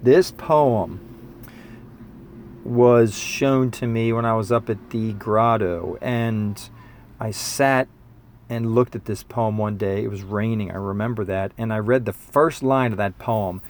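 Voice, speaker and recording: A man in his fifties talking in a casual monologue, earnest and reflective, sometimes excited, with fillers and restarts. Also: lowish voice, takes it slowly, a little hiss or hum. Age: 50s. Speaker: musician and spiritual teacher.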